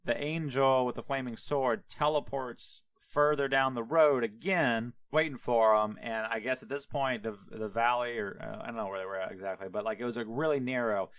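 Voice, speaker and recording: Man, podcast host, rambling comic retelling, mid pitch, dry close sound. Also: moderate pace, few pauses, a bit bright, no echo. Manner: rambling, filler-heavy, profane.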